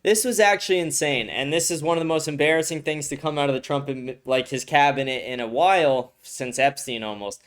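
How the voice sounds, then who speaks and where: A man's voice: fairly high pitch, brisk, hardly any pauses. Swearing man ranting over a clip. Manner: rambling, frequent swearing, restarts. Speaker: podcast host. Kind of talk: casual profane commentary reacting to a clip.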